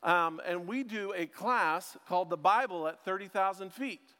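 High-voiced joking preacher in a reverberant hall. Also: male voice, normal speed, pushed and bright, smooth. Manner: joking, chatty, self-deprecating asides. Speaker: preacher and ministry school teacher. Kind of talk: casual conversational sermon. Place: church sanctuary.

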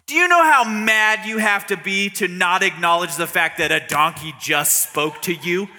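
Man, animated pitch, very bright tone, casual scripture reading with jokes, reverberant room. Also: normal speed. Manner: animated, reads verses aloud, jokes and laughs. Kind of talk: casual Bible discussion.

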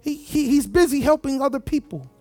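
A man preaching with a strikingly high voice, leaning hard on repeated words and phrases as he presses his point. He talks straight to the congregation, and the sound is close and dry with faint music underneath. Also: a little fast, dark tone, dry recording. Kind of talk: sermon.

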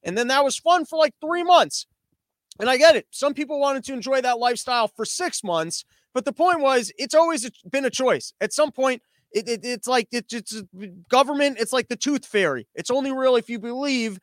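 Guy with a high voice ranting sarcastic news comedy at home, swears a lot, dry close sound. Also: animated, moderate pace, a bit bright, no echo. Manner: sarcastic, swears a lot, exasperated rhetorical questions. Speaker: comedian hosting a news commentary show. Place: living room.

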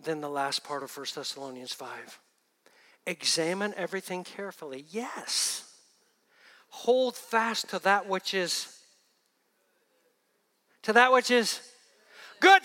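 A male pastor preaching a sermon, moving between hushed, quiet asides and loud, emphatic lines. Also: high-pitched, a little slow, pauses often, big-room sound.

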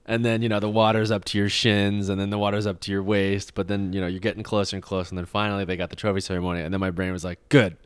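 A man's voice: on the low side, level tone, racing, few pauses, clear, resonant tone, no echo. A young man co-hosting a podcast, telling crude stories in casual chat and acting out the dialogue. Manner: crude storytelling, acts out dialogue. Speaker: podcast co-host.

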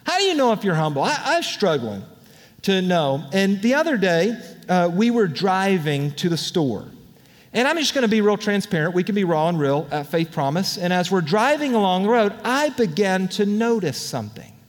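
A man with a notably high voice preaches to his congregation in a candid, conversational manner with lively asides. His words ring out into the long reverb of a large church hall. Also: moderate pace. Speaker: pastor. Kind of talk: sermon. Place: church auditorium.

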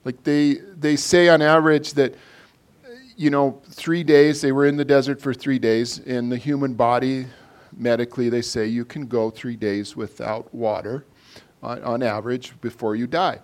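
A man's voice: medium pitch, steady tone, moderate pace. A man preaching a casual sermon to a congregation, talking in a loose, conversational way full of fillers and restarts.

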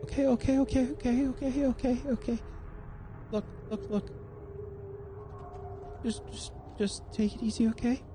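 A man's voice: extremely high pitch, steady tone, moderate pace, pauses often, over music, voice pushed up. A man voicing a terrified young woman who stammers and pleads.

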